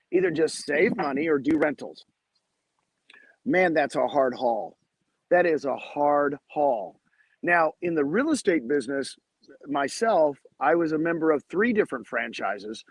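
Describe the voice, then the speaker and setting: Man, high voice, enthusiastic storyteller, dry close sound, video call guest. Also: dry recording, low-quality recording. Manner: enthusiastic, acts out quoted dialogue. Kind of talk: animated storytelling in a podcast interview.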